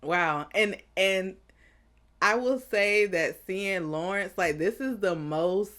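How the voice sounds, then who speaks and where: A woman hosting an anime reaction, thinking out loud in casual commentary, animated and quick to laugh. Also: mid-range voice.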